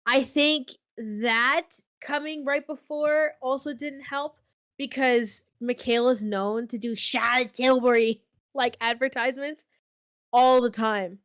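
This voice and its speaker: A woman with a Boston accent speaking as a guest commentator on a live stream. Her voice is fairly high, and she rambles loosely, filling her sentences with "like". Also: steady tone, takes it slowly, fairly bright tone. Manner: rambling, filler-heavy. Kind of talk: casual commentary chat.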